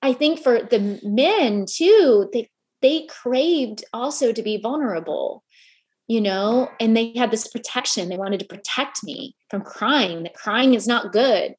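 A woman's voice: fairly high pitch, animated, measured pace. Earnest woman giving a motivational talk. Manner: warm, earnest, asks the audience questions. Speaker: speaker addressing a women's gathering.

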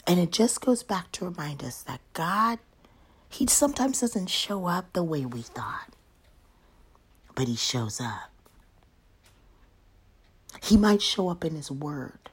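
Soft, breathy woman giving a devotional. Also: fairly low pitch, expressive, slow pace, pauses often. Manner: soft, often half-whispered delivery. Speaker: devotional speaker. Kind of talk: Bible devotional teaching.

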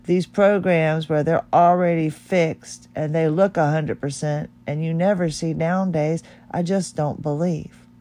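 A woman's voice: low-pitched, steady tone, measured pace, hardly any pauses, mellow. Woman, middle-aged, podcast host, heartfelt, rambling, candid monologue. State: tearful.

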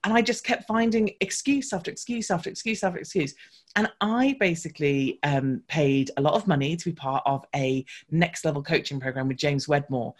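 A woman, a guest on an interview podcast, telling a personal business story in a lively, fast-flowing way with frequent restarts. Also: low voice. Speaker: podcast guest, marketing coach.

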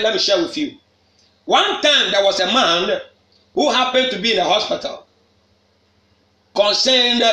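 A man preaching at a prayer meeting, shouting and repeating phrases for emphasis. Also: high voice. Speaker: apostle leading a prayer meeting. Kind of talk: fiery preaching. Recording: echoey room.

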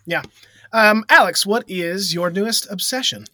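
Co-hosting a casual podcast, a man whose voice sits high tells a funny story at a slightly slow pace, with much laughter. He's animated, laughs often, and does voices for the story's characters, captured in a dry recording.

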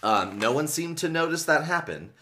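A man's voice: fairly high pitch, animated, moderate pace, sharp tone, slight background noise. A man hosting a podcast, chattily retelling a story with frequent laughter and lots of filler words. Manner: chatty, laughs often, many filler likes. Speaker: podcast host recapping a book series. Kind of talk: casual chat, retelling a story.

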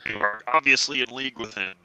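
A man's voice: mid-range voice, fast, over music, rough recording. A man playing a tabletop game over a video call, hesitant and stumbling over his words. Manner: hesitant, many restarts, animated. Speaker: player. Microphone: video call mic.

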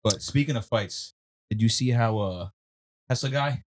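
A man's voice: medium pitch, moderate pace. A man co-hosting a casual podcast chat, blunt and teasing, sometimes fumbling for words. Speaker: podcast co-host.

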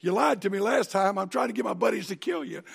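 A man's voice: high voice, lively intonation, quick pace, vocal fry, breathy edge, exaggerated voice. A male preacher voicing Delilah, a nagging wife who pleads and pushes her husband for a secret. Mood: pushy. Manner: pleading, pushy.

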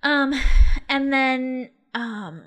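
A woman's voice: sits high, drawn-out words, bright, forceful tone. A young woman from the Los Angeles area co-hosting a podcast in casual chat, full of "like" and "um" fillers. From Los Angeles area, California. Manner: chatty, lots of "like" and "um" fillers. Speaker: podcast co-host.

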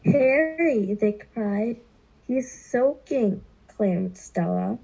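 A woman reading a children's novel aloud, slowly and deliberately, with occasional stumbles. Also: a little high, fairly even intonation, creaky, warm tone, slightly rough, lo-fi sound. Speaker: reader.

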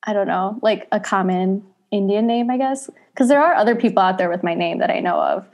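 A woman's voice: medium pitch, fairly quick, a little mellow. Chatty young woman, podcast guest. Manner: chatty, lots of "like", laughs easily. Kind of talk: casual chat.

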